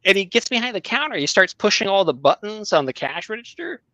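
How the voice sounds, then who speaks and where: A middle-aged man, a writing teacher, telling a story in casual conversation, halting with many fillers and restarts. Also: high voice, big pitch swings, bright, forceful tone, dry recording, rough recording. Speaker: guest, creative writing teacher.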